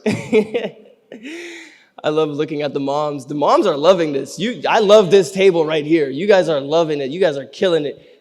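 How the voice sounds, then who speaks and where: A man's voice: sits high, a little mellow. A young man from Canada hosting a gala, doing stand-up and running an auction, teasing the crowd with energy. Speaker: comedian and gala host. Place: large reverberant banquet hall. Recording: echoey hall sound.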